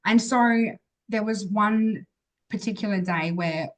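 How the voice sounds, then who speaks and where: A woman's voice: medium pitch, measured pace, poor audio. A woman, an interview guest, telling a personal story in a chatty way, full of fillers and acted-out dialogue.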